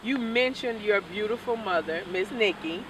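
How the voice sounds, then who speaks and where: A woman's voice: medium pitch, normal speed. A woman hosting an interview, asking rambling and encouraging questions. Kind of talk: casual interview. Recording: faint noise, mic at a distance.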